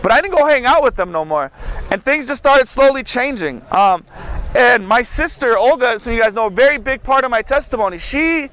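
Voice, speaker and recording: A man's voice: extremely high pitch, expressive, fairly quick, a bit bright, clear, resonant tone, rough recording. A young man telling his personal testimony outdoors in a casual, rambling way, full of "like" and "you know.". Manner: casual, filler-heavy with frequent "like" and "you know". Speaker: testimony speaker at outdoor worship.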